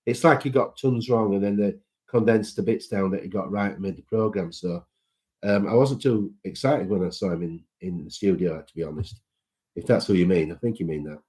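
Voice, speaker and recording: A man's voice: low voice, brisk, darkish tone. A man hosting a casual live chat, reading out viewer comments and greeting people by name in a sentimental way.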